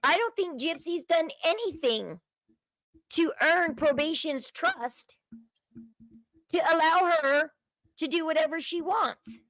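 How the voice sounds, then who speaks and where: A woman's voice: very high-pitched, animated, slow pace, long pauses, a bit bright, dry recording, rough recording. A woman hosting a casual livestream, giving opinions and chatting with viewers. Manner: chatty, opinionated, reads chat aloud. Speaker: livestream host. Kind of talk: casual commentary chat.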